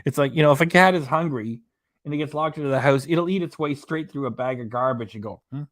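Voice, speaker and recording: A man's voice: mid-range voice, fast talker, fairly bright tone. A man hosting a casual livestream from a small apartment, reading viewer comments aloud and chuckling between them. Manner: chatty, chuckles often, reads chat aloud. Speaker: livestream reaction host.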